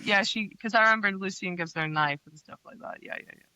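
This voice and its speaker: Woman co-host, bright, close dry sound, asks questions, playful. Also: medium pitch, fast talker, no echo, low-quality recording. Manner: leads discussion with questions, playfully dramatic. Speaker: podcast co-host. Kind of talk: casual book-club chat.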